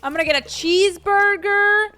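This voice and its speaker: A young woman giving casual, excitable commentary while she plays a game, with lots of "oh my gosh" and "like". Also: very high voice, normal speed. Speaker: gaming YouTuber.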